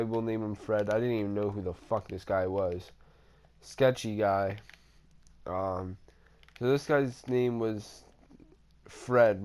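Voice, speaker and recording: A man's voice: lowish voice, a little mellow. A man casually telling a personal story over gameplay footage, rambling and swearing, with frequent restarts and fillers. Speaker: storytime vlogger.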